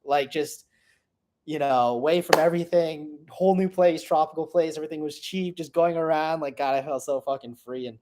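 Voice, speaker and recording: A man's voice: on the high side, normal speed, darkish tone. A man in his late twenties, rambling casually and profanely through a personal reflection on his past year, often trailing off. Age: 20s. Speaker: vlogger.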